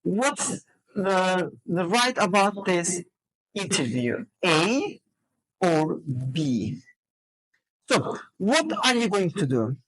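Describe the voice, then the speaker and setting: A woman's voice: on the low side, sing-song, drawn-out words, poor audio. A woman teacher trainer running a classroom lesson, drilling students with questions and counting out word stress. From Azerbaijan.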